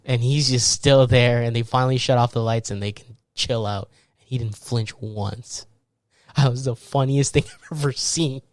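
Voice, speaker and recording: A male podcast host rambles through a casual story monologue, animatedly acting out its characters with loud laughs, shouts and impressions. His ordinary mid-pitched voice moves at normal speed, recorded close and dry with no room sound.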